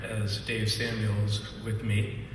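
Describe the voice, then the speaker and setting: A man's voice: fairly low pitch, completely flat delivery, slow. A man giving a memorial tribute speech, telling a story animatedly and laughing often. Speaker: music industry artist relations rep. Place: memorial gathering in a large hall. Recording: echoey hall from far off, noisy.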